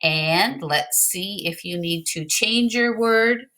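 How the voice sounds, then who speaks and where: A woman teacher giving slow, clear, patient instructions to young pupils in a recorded word game lesson. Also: medium pitch, pushed and bright.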